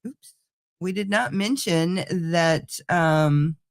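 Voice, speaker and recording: A woman's voice: lowish voice, takes it slowly, dry recording, studio quality. A woman co-hosting a podcast, laid-back and laughing along with brief replies. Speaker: podcast co-host. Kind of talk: casual chat.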